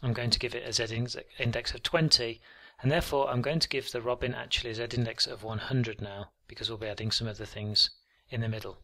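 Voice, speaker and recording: A man walking through a coding tutorial on screen, relaxed and thinking aloud with frequent ums. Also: medium pitch. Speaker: programming tutor.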